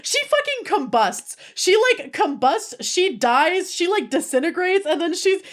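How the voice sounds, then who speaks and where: A woman's voice: very high voice, big pitch swings, unhurried. A young woman streamer chatting casually with her viewers, gushing and giggling, with lots of "like" in her speech. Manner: giggly, breaks into laughter. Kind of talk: casual chat with live viewers.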